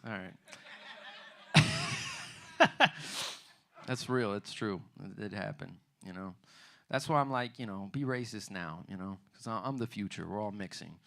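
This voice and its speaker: A man's voice: fairly low pitch, a little fast, vocal fry, few pauses, a bit bright. A man performing a stand-up comedy set in a loose, conversational way, often asking "you know what I mean". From United States. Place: theater bar stage.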